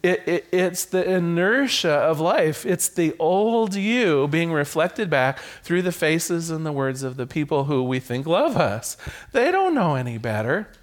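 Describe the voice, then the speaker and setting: A man preaching a sermon to his congregation as their minister, playful and animated, sometimes stumbling over a word and starting the phrase again. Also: fairly high pitch, measured pace. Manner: animated, playful, with repeated stammered restarts.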